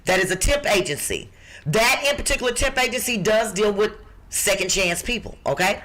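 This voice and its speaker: A middle-aged woman from the Midwest with a rough-edged voice, co-hosting a podcast and reading out job listings in a brassy, emphatic, joking way. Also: medium pitch, animated, normal speed, a bit bright. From Chicago. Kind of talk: lively podcast chat.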